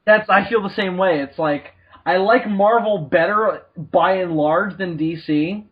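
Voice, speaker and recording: A man's voice: high-pitched, unhurried, breathy edge. A man co-hosting a podcast, chatting casually and laughing often as he jokes around. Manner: laughs often, slips into silly put-on voices. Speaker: podcast co-host. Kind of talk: casual comedic chat. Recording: dull lo-fi podcast audio.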